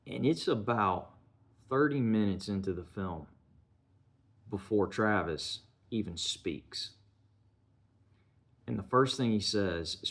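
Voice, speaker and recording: A man with a very low voice walks through a movie's story as a casual reviewer. He talks loosely, leaning on "you know" and "kinda" as he goes. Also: takes it slowly, long pauses. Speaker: film reviewer. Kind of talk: casual film plot recap.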